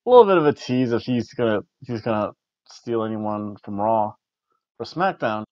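A podcast co-host casually reviews a wrestling event, rambling, repeating words, and rating matches with food jokes. His voice is lowish and a little mellow, with lively intonation and a normal speed. The recording is dry, dull, and lo-fi.

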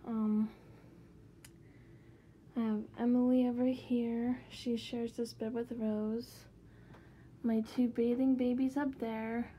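A woman chatting through a casual tour of her bedroom doll collection. Her voice is fairly high but mellow and soft-edged, with little rise and fall, and she rambles along with many fillers. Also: level tone, slow, long pauses, a little hiss or hum. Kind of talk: casual room tour vlog.

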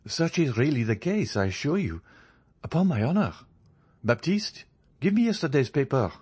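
A man reading a courteous, genial male journalist in a storybook, measured and increasingly firm. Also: mid-range voice, very animated, darkish tone, husky, voice pushed up. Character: genial male journalist, friendly yet proud.

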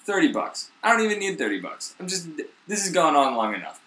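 A man's voice: a little high, sing-song, fairly quick, fairly bright tone, roomy sound. A man voicing a bitter, fed-up young male Judas who mutters in disgust.

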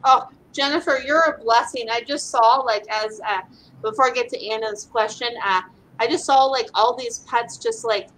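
Woman, west coast, casual chat, filler-heavy, higher pitch, faint background noise. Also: normal speed, a bit bright, low-quality recording. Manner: chatty, lots of "like" and "right?". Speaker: animal communicator.

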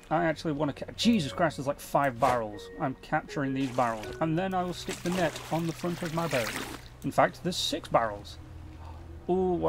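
A man's voice: on the high side, noisy background. A young man hosting a gaming channel, chatting casually and swearing freely at the viewers and in-game creatures. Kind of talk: casual let's-play commentary.

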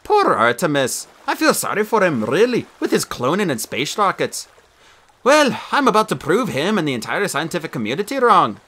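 Male reader plays a haughty, exact young genius, crisp storybook voice. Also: high voice, wildly swooping pitch, normal speed, fairly bright tone, pitched above the performer's own voice, exaggerated voice. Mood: lofty. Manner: formal, crisp and lofty. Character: prim, precise genius boy, formal.

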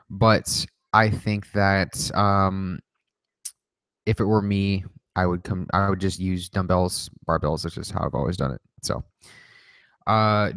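Man, lowish voice, loose profane livestream host banter, dry close sound. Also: fairly bright tone, no room sound. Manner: joking, profane, rambling. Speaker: livestream host answering viewer questions. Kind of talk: casual rapid-fire Q&A livestream.

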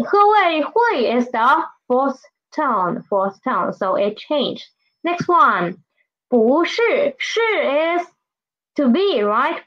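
A woman with a high voice teaches a Mandarin lesson at an unhurried pace. She repeats each sound several times and keeps checking in with her listeners. The recording is a little dull and lo-fi. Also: fairly bright tone. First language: Filipino. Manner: slow, patient, repeats each sound and asks "right?" and "okay?". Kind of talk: online language lesson.

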